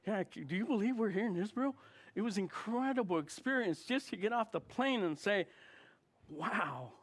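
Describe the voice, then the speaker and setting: A man in his fifties, a chaplain giving an informal sermon talk, animated and laughing often as he acts out what others said. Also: a little high. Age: 50s.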